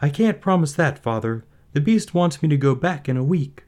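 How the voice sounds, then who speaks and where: A man voicing a gentle, loving young woman in a storybook read-aloud, in a high pleading falsetto. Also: lively intonation, moderate pace, close to an everyday voice. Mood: earnest.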